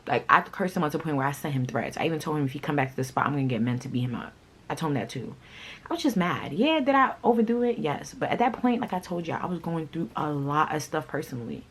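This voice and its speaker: A woman vlogger telling a personal story in a casual, blunt, animated way, swearing freely. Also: deep voice, fast talker, breathy edge, low-quality recording.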